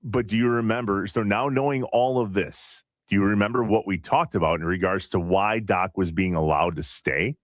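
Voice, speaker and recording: A man co-hosting a sports radio show in casual talk, measured and questioning as he argues his point. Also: lowish voice, no echo, clean studio sound.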